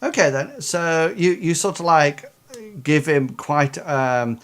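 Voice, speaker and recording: A man's voice: a little high, slow pace. A young man narrating a tabletop game as game master, hesitant and full of fillers and restarts.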